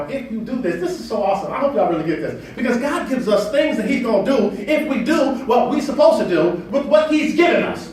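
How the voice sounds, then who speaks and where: A man preaching a sermon as pastor, with call-and-response lines that rise to shouts, in a style. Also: very high-pitched. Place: church sanctuary. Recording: echoey room from far off.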